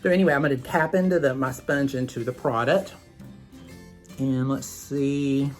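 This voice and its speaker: A man's voice: mid-range voice, steady tone, moderate pace, soft background music. A man with a Southern US twang hosting a makeup vlog, rambling chattily with asides to his viewers. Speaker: makeup vlogger. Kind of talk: chatty beauty tutorial vlog.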